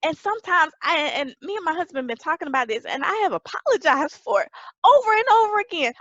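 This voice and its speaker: A woman pastor preaching an emphatic sermon that rises to shouts. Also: very high-pitched, big pitch swings, fast, dry recording, lo-fi sound.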